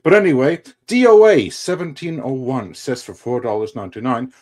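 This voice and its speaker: A man's voice: mid-range voice, sing-song, brisk, a little mellow. A man with a European accent, a movie reviewer chatting casually on a livestream, laid-back and explanatory.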